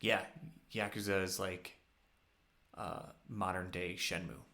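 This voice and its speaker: A man's voice: deep voice, fairly even intonation, takes it slowly, gravelly, sharp tone. A man co-hosting a casual podcast, rambling with many fillers and restarts. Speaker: podcast co-host. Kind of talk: casual chat.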